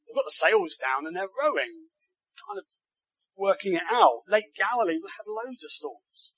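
High, bright-voiced man preaching a sermon. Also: big pitch swings, normal speed, breathy edge, no room sound, poor audio. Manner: rhetorical tag questions to the congregation; emphatic, building phrases.

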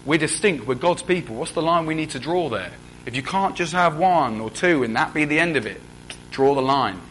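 A man's voice: a little high, lively intonation, moderate pace, a bit bright, a little hiss or hum, poor audio. A young man preaching a sermon in a conversational way, often putting questions to the congregation.

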